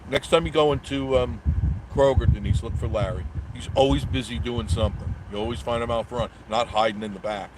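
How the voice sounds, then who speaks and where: A man's voice: mid-range voice, steady tone, brisk, background noise. A middle-aged man hosting a casual live stream, reading viewer comments aloud and rambling through jokey banter with frequent chuckles.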